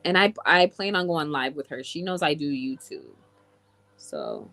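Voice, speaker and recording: Woman from England, low voice, chatty livestream host answering viewers. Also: huge pitch swings, measured pace, creaky, bright, forceful tone. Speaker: live streamer. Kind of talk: casual livestream chat.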